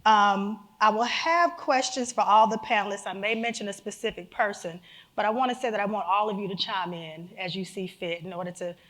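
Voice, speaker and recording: A woman's voice: medium pitch, fairly bright tone. Woman moderator at a museum event, upbeat, introducing panelists. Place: museum auditorium.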